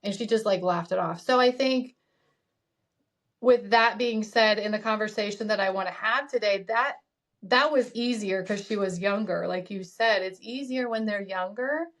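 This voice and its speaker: A woman in her thirties talking through parenting worries in a casual advice chat. Her delivery is reflective and loose, with many "like" fillers, and her pitch sits in a middle range. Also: normal speed, a bit bright. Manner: conversational, full of "like" fillers, reflective. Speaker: podcast co-host, parent.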